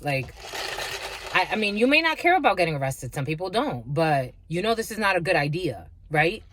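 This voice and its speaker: A woman's voice: medium pitch, fairly bright tone, a little hiss or hum. A woman giving a casual spiritual reading, blunt and profane, laughing often and calling listeners her lovies. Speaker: spiritual reader.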